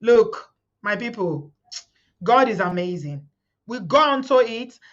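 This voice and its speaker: A middle-aged woman with a Nigerian accent speaks fervently to her live-stream audience, voice pitched a little high. She often repeats words and quotes others as she talks. The audio is slightly muffled. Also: lively intonation, slow. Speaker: host of a live community stream. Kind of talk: emotional live-stream talk to viewers.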